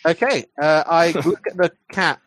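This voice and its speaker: A man's voice: fairly high pitch, normal speed, a bit bright, no echo. A man playing a character in an online tabletop game, playful and joking. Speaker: player.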